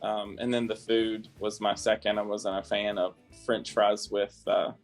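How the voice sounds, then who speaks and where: A man's voice: fairly low pitch, level tone, a little slow, soft background music. A man from South Carolina, a guest in a casual interview, talking chattily with lots of fillers and laughs. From South Carolina, USA.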